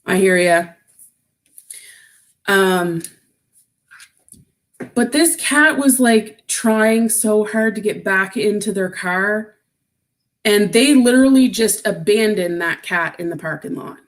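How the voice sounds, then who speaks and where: A woman's voice: medium pitch, takes it slowly, pauses often. A woman chatting casually on a livestream, reading out and answering viewer comments, getting emotional and close to tears. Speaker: vlogger.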